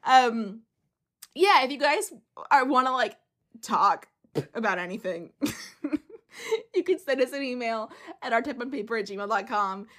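A woman's voice: on the high side, expressive, unhurried, pauses often, fairly bright tone. Young woman co-hosting a chatty podcast. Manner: chatty, upbeat, uses fillers like "like" and "um". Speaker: podcast co-host. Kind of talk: casual chat.

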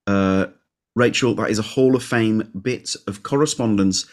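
A man's voice: lowish voice, measured pace. A man co-hosting a comedy podcast, chatting casually and reading out listener emails with self-deprecating asides. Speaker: podcast co-host.

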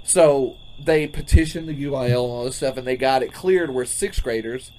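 A man's voice: medium pitch, normal speed, darkish tone, a little hiss or hum. A man, a podcast co-host telling a story in casual chat, laughing often. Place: front porch, outdoors.

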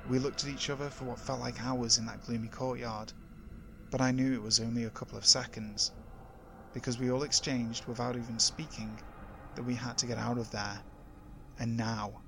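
A man reading first-person horror stories aloud in a measured, steady voice that drops low for suspense. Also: vocal fry, slight background noise. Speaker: horror story narrator. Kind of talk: scripted horror narration.

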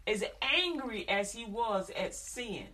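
Bright-voiced woman preaching. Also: a little high, takes it slowly, distant mic. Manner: animated storytelling, acting out family voices, chanting prayers. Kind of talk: sermon.

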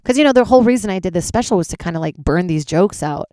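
A woman's voice: on the low side, animated, quick pace, mellow, dry recording, clean studio sound. A woman stand-up comedian, tired, chatting candidly and swearing freely in a solo podcast recorded in a closet. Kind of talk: casual solo podcast chat.

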